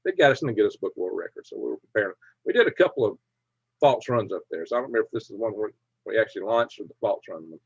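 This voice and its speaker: A man's voice: on the low side, animated, rapid-fire, husky, dry recording, lo-fi sound. A man hosting a live stream, telling rambling anecdotes and reading chat with chuckles. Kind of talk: casual storytelling and reading chat.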